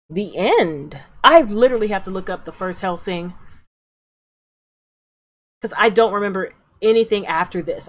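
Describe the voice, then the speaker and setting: A woman hosting an anime reaction video, chatting casually and drowsily, swearing and trailing off. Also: medium pitch. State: drowsy, yawning.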